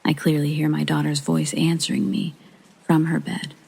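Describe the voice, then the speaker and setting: A channel host reading a true scary story aloud in a hushed sleep-story narration, often half-whispered, with a gravelly, husky voice. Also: mid-range voice, little pitch movement, moderate pace, low-quality recording.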